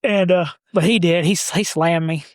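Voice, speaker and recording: A man, a podcast guest telling stories about his brother in a halting, rambling way. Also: sits high, steady tone, no room sound, clean studio sound. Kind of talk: casual storytelling.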